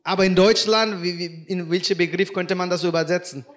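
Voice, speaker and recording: A man hosting a casual bilingual livestream chat, pausing to search for words, with many fillers. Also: high-pitched, fairly even intonation, fairly bright tone. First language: German. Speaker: livestream host.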